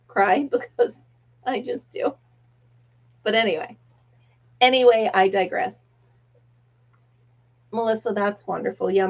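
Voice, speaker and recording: A middle-aged American woman hosting a casual live chat, reading viewer comments aloud and laughing often. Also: mid-range voice. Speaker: livestream host. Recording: dull lo-fi livestream audio.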